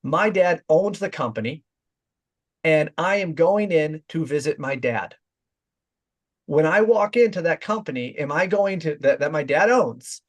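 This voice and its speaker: A man's voice: fairly high pitch, lively intonation, normal speed. Direct-talking male sales trainer. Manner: direct, demonstrates voice tones in quoted examples. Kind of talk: training talk.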